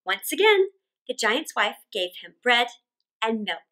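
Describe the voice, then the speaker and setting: Lady reading storytime for kids, slow and super lively, bright voice, dramatic gasps. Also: on the high side. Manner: animated, expressive, with dramatic gasps. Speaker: children's storyteller. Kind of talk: read-aloud storytelling for children.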